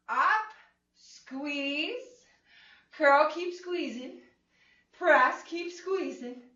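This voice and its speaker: A bright, high-voiced woman talks an exercise class through each move, playful and encouraging, with cheerful whoops. She speaks unhurriedly, and her voice rings in an echoey room, picked up from a distance on a dull, lo-fi recording. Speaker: fitness instructor. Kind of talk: chair-friendly exercise class instruction.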